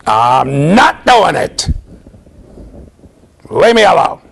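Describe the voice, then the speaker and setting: Man mimicking a toddler boy, stubborn, chanting, high-pitched, very lively pitch swings. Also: very slow, gravelly, slightly rough, heavily acted. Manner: singsong, insistent, repetitive chanting. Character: stubborn toddler boy refusing potty training.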